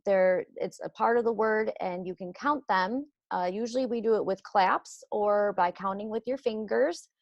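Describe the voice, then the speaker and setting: A woman teacher walks young children through a lesson, slowly and patiently. Her voice has a gravelly, fry-tinged edge. The sound is close and dry, with no room around it. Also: a little high, a little mellow, no echo. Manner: slow, patient, explaining step by step.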